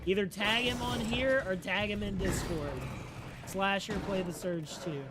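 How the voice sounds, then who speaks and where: A man chatting casually with his live-stream audience while playing a game, relaxed and slangy, and sleepy. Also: high voice, unhurried, background noise. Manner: relaxed and slangy, talking to chat. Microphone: streaming microphone.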